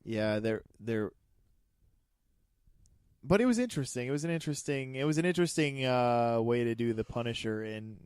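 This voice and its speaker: A man's voice: mid-range voice, lively intonation, moderate pace, pauses often, darkish tone, clear, resonant tone, no echo, studio quality. A man co-hosting a casual movie podcast, rambling through his thoughts with frequent restarts. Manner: rambling, restarts, laughs often. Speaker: podcast co-host.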